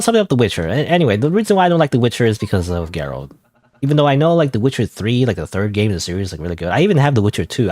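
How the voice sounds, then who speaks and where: On a gaming livestream, a man talks casually at a fairly low, slightly mellow pitch, rambling and second-guessing himself, with frequent fillers and laughter. There's no room sound in the recording.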